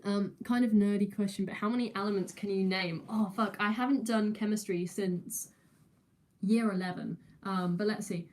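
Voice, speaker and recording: A woman's voice: mid-range voice, fairly even intonation, moderate pace, a little mellow. A young woman, chatting casually on a livestream and answering viewers with many fillers, restarts and giggles. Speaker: streamer.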